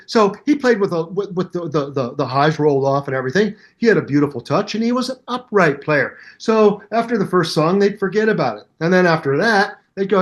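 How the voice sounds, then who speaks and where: An older man in his seventies tells a story as a guest musician, jumping between characters in lively voices. His voice sits a little high for a man. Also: fairly quick, few pauses. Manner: acts out both sides of the story in voices, lively. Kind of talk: animated storytelling interview.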